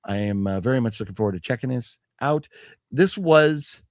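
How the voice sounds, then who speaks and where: This co-host of a movie haul show keeps the chat casual and animated at a normal speed, his pitch leaping around as he rambles. He swears without restraint, reads product blurbs out loud, and keeps restarting sentences with hedging fillers. The recording is dry and close, with no surrounding room.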